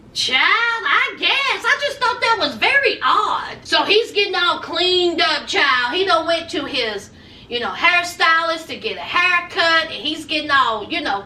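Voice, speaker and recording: A woman's voice: very high voice, bright, forceful tone, roomy sound, distant mic. A woman giving sassy, dramatic commentary in a TV recap vlog, full of folksy slang. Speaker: reality TV recap vlogger.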